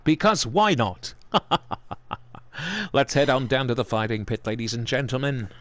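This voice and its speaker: A man giving theatrical, excitable play-by-play wrestling commentary. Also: medium pitch, measured pace. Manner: excitable, theatrical announcer delivery.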